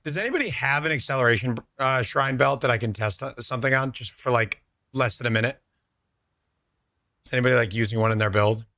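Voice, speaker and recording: Bright-voiced male gaming streamer. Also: mid-range voice, fast talker, no echo, clean studio sound. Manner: chatty, reads out and answers chat, laid-back. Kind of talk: casual chat with viewers while gaming.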